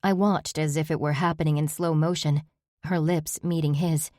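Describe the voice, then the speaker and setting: A woman reading a first-person story aloud as an audiobook narrator, steady and even. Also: deep voice, moderate pace, no echo, clean studio sound.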